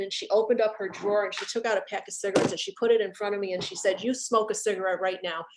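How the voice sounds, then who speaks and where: A middle-aged woman, a guest on a video call, talking about grief in an earnest, halting way and repeating herself as she remembers. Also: medium pitch, steady tone, a little hiss or hum. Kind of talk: heartfelt conversation about grief.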